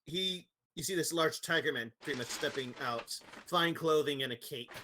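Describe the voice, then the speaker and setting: Give me a bright-toned man narrating a tabletop game, chatty and laughing. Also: fairly high pitch, moderate pace, a little hiss or hum. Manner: laughing often, chatty and loose. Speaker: game master.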